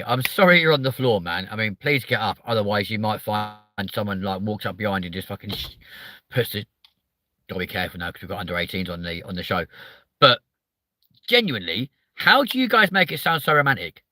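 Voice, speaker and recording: A man's voice: fairly low pitch, animated, a little fast, pushed and bright, slight background noise. A man with a southern English accent hosting a live stream, chatting casually, swearing a lot and sounding hyper as he reads out viewer comments. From southern England.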